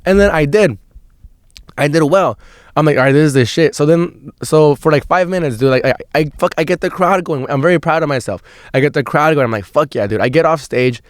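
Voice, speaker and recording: A young man with a slightly high voice rambles through a story on his podcast, swearing freely and restarting his sentences. The sound is dry and close, with no room echo. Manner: rambling, profane, restarts a lot. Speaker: podcast host. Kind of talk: casual storytelling monologue.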